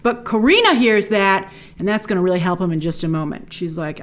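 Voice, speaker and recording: A woman hosting a show, giving a casual, excited, chatty breakdown and review of an episode, often quoting characters in little voices. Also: mid-range voice, brisk. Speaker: show host.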